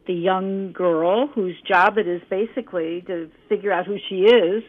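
A woman author being interviewed, speaking thoughtfully with frequent pauses and fillers. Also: mid-range voice, steady tone. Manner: slow, thoughtful, with many fillers. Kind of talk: interview conversation. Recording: tinny phone line.

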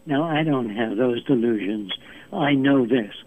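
A man's voice: mid-range voice, unhurried. A man in his nineties, a guest on the phone, lecturing emphatically and pressing his points with rhetorical questions. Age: 90s. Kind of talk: lecturing interview answers. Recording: tinny phone line.

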